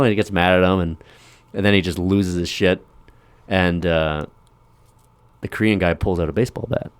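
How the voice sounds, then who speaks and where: A man casually chatting on a podcast, telling a film's plot with lively acted-out lines. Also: low-pitched, fast, dry recording. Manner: animated storytelling, acting out film scenes in raised voices. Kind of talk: casual chat.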